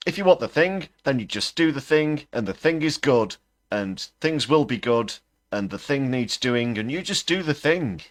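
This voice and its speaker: A man putting on a high, sarcastic sing-song voice to parody an empty-headed male motivational speaker. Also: animated, moderate pace, natural voice. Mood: mocking. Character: mocking impression of a vapid male motivational speaker.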